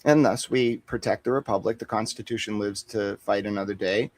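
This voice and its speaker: A man's voice: lowish voice, steady tone, brisk. A man on a boxing talk stream, joking and boasting in profane, rambling riffs. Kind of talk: casual livestream banter.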